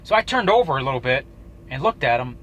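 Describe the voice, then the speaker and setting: A man telling a personal story to camera in a casual, halting way, swearing often and restarting his sentences. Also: medium pitch, very animated, a bit bright, a little hiss or hum, poor audio. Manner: profane, halting, with frequent restarts. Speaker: YouTuber.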